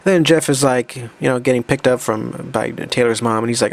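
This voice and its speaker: Young man, casual creator commentary, rambling and halting. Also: mid-range voice, vocal fry. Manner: rambling, halting, with many restarts. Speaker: comic creator.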